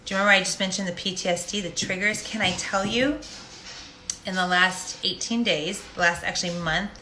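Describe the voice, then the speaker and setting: Woman life coach, casual faith talk, direct and animated, echoey room, faint hiss. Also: medium pitch, a little fast. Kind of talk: casual faith-based monologue. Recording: roomy echo.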